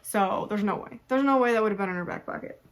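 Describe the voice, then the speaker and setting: This young adult woman talks fast in a mid-range voice while reviewing a book in casual chat. She's animated and chatty, laughing often and acting out her own reactions.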